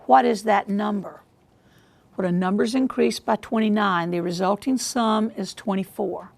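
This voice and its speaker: A woman hosting a school quiz show, reading questions in a measured way and repeating them deliberately. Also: medium pitch, creaky, slight background noise.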